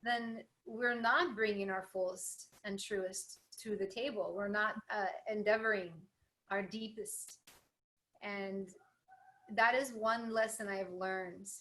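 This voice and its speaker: A woman's voice: medium pitch, steady tone, takes it slowly, fairly bright tone, poor audio. A woman hosting a spiritual interview, earnest and affirming toward her guest. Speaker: host.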